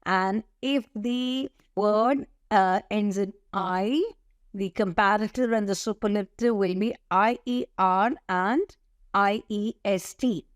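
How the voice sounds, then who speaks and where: A middle-aged woman teaching an English grammar lesson, slowly listing words and spelling out letters. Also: mid-range voice, no echo, clean studio sound. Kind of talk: slow, deliberate grammar lesson.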